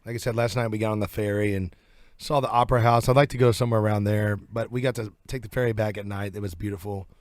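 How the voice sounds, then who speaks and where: A man with a Southern US accent, talking as a country singer guest in a relaxed, rambling interview chat in a radio studio. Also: on the low side, fast talker, dry recording. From southern United States. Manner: relaxed, rambling, laughs easily.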